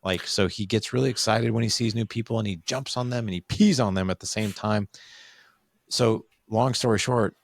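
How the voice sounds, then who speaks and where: A man in his forties with a voice on the low side appears as a podcast guest, speaking at a moderate pace in a dry, clean studio recording. In casual conversation he tells a candid family story, animatedly acting out what people said.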